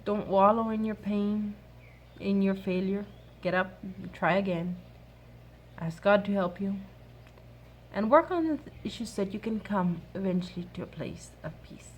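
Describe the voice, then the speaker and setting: A woman in her thirties giving an earnest, soft-spoken faith-based advice talk to other mothers. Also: medium pitch, normal speed, a little hiss or hum. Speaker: mom sharing a workshop talk.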